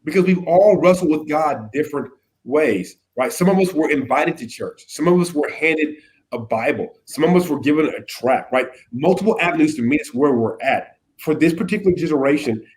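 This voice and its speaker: Man, youth pastor guest, casual chat, animated, acts out quotes. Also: a little high, a little fast, a little hiss or hum. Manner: animated, acts out quotes, keeps asking "right?". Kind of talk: casual conversation.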